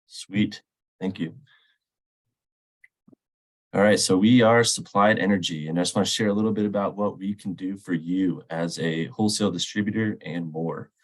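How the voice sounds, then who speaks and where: Low-voiced man with a nasal cold. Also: steady tone, normal speed, low-quality recording. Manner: casual, many ums and uhs. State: stuffy nose from a cold. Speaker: sales rep hosting a webinar. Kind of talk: webinar presentation.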